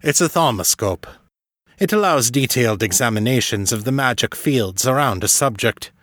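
A man doing a gruff old wizard master. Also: mid-range voice, lively intonation, normal speed, a bit bright, dry recording, studio quality. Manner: gruff, clipped.

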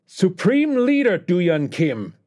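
A man voicing a shrill, whining male dictator with a thick accent, sounding a little distant. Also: huge pitch swings, slow pace, darkish tone, full character voice. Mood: indignant. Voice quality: high-pitched whine.

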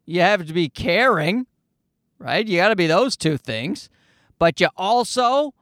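Animated joking man talking from a car. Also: high voice, unhurried, dry recording, clean studio sound. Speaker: podcast host. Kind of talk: casual solo monologue. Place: parked car, back seat.

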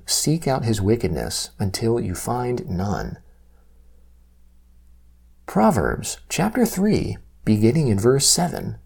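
A man reading scripture aloud at a measured, steady pace. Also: on the low side, gravelly, breathy edge. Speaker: scripture reader.

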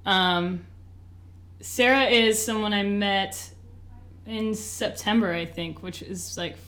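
A woman's voice: mid-range voice, slow, fairly bright tone. A woman in her twenties, telling a personal story to an interviewer in a chatty way, full of "like" and "you know". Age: 20s. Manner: chatty, lots of "like" and "you know", laughs often. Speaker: interview guest.

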